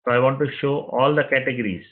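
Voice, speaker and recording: A man teaching web development, narrating each click of a screen-recorded software tutorial step by step and repeating phrases as he goes. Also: medium pitch, fast talker. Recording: tinny phone-like audio.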